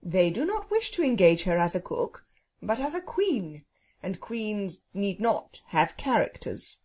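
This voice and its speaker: A grand, know-it-all male phoenix from a storybook, speaking in slow, stately, formal phrases, as a woman narrator puts him on. The voice rises and falls in lively swoops and has a slightly husky edge. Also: mid-range voice. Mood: explaining. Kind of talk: storybook reading.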